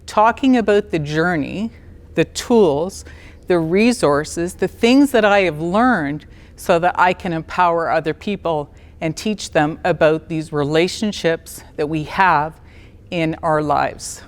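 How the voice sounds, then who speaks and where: A woman in her fifties on a stage, telling her personal story in an animated, blunt and candid way. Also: lowish voice, slow, big-room sound. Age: 50s. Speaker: speaker at a talk event.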